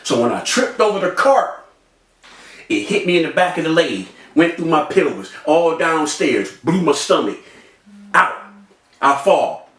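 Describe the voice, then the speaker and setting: A young man telling a personal story in an animated way, acting out voices and sound effects with street slang. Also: fairly high pitch, normal speed, distant mic. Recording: echoey room, off-mic.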